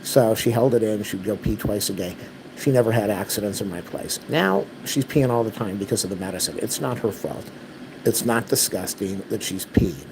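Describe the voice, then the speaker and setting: A man's voice: on the low side, moderate pace, gravelly, background noise. A man telling an exasperated, repetitive story to his viewers in a casual rant. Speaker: vlogger.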